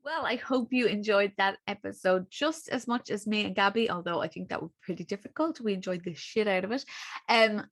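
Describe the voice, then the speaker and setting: A woman's voice: medium pitch, a little fast. A woman hosting an interview over a video call, telling stories animatedly and laughing often. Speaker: podcast host. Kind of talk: casual interview chat.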